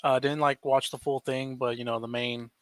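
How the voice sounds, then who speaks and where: A man's voice: medium pitch, little pitch movement, no echo. A man co-hosting a casual podcast chat, easygoing and chatty. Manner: easygoing, chatty, quick asides. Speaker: podcast co-host.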